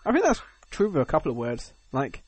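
A man's voice: on the high side, wildly swooping pitch, fairly quick, slightly rough, dry recording. Rambling young Englishman joking around. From England. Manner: joking, rambling, many fillers and restarts. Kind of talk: casual chat.

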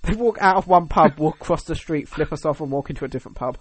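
A man's voice: a little high, fast talker, slight background noise. A young man with an English accent chatting casually, joking and rambling with lots of fillers and restarts. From England. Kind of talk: casual chat.

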